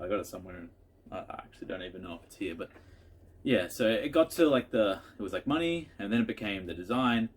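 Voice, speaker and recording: A man in a casual home vlog, answering viewer questions in a chatty, rambling way with frequent restarts. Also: on the low side.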